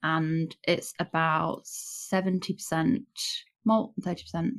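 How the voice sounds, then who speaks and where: A woman's voice: deep voice, little pitch movement, measured pace. A woman who is a guest on a podcast, chatting casually and enthusiastically and peppering her talk with "like". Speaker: podcast guest, marketing director. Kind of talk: casual chat.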